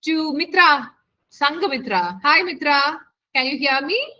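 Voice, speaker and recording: Woman tutor, high bright voice, coaxing tone, lo-fi call audio. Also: expressive, unhurried. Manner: coaxing, keeps checking with the class. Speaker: IELTS speaking tutor. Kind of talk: live online lesson. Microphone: video call.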